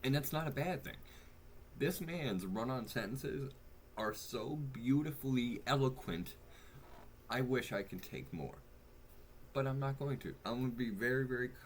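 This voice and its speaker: A man's voice: mid-range voice, normal speed, a little hiss or hum. An American man hosting a reaction video, talking casually in rambling, profane asides that keep interrupting themselves. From United States.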